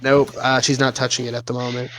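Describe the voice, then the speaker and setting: A man serving as game master, calmly narrating the action and explaining the rules in a measured way. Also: medium pitch, low-quality recording.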